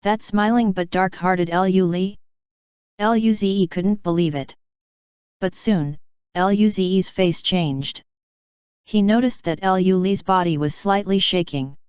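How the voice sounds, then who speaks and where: A woman narrating a light novel audiobook with steady, even scripted narration. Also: mid-range voice, takes it slowly, smooth, no room sound, muffled recording.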